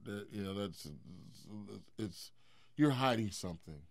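A middle-aged man, a guest in an interview, telling a story in a lively, profane way. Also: lowish voice, measured pace, dry recording, studio quality. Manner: animated, profane storyteller who swings into loud acted quotes.

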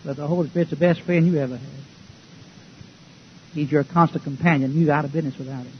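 A fast-talking pastor, his voice on the high side and steady in tone, gives a folksy, emphatic sermon laced with rhetorical questions for the congregation. Expect a dull lo-fi sound with faint hiss.

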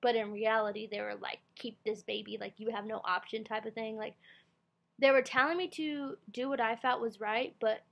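A young woman with a slightly high voice rambles through a casual storytime into her computer's built-in mic. She talks loosely and keeps circling back with "like" and half-finished thoughts. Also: fairly even intonation, moderate pace, gravelly, a bit bright. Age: young adult. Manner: rambling, heavy use of "like", restarts. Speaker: vlogger telling her story.

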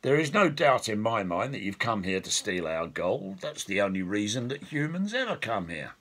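A man's voice: fairly low pitch, big pitch swings, moderate pace, fairly bright tone. A man voicing a proud, commanding elf king who speaks sternly, in a storybook reading. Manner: commanding, suspicious.

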